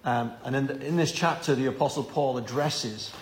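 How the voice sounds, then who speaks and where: Earnest preacher in an echoey church. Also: male voice, mid-range voice, moderate pace, slight background noise. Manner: earnest, repeats words when stressing a point. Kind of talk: evening Bible-study sermon.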